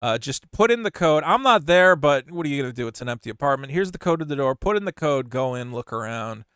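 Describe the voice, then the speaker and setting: A man, in the middle of a story, quoting a smooth-talking woman scammer who is breezy, persuasive and hurried. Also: mid-range voice, expressive, a bit bright, dry recording, studio quality, voice pushed down, close to an everyday voice.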